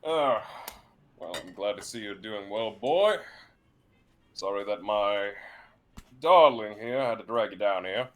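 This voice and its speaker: A man's voice: lowish voice, animated, slow, long pauses, fairly bright tone, slight background noise. A man voicing a suave, doting older crime boss who talks to people in a patronizing, theatrical way. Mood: genial.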